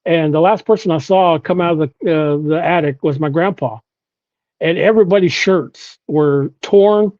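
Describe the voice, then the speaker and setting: Oklahoma guy telling a story on a podcast, kinda high but mellow voice, muffled dry sound. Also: moderate pace, no room sound. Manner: storytelling with frequent "you know" and restarts. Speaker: podcast guest.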